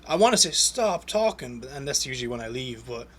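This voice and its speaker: A man's voice: mid-range voice, racing, a crowd in the background. A man hosting a podcast, telling stories in casual chat, swearing often and breaking into laughs. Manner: swearing, animated storyteller with laughs. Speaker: podcast host.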